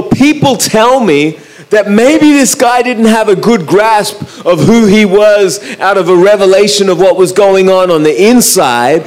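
An Australian man gives a storytelling talk into a microphone, relaxed and anecdotal. His voice sits a little on the higher side for a man. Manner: relaxed, anecdotal, with frequent "uh" and restarts. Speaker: speaker.

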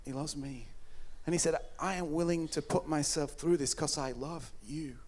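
A man with a high voice preaches an Easter sermon. He drops to near-whispers, then rises to fervent, near-shouted lines. His delivery is earnest and emotional throughout. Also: normal speed. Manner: impassioned, swings from hushed to loud.

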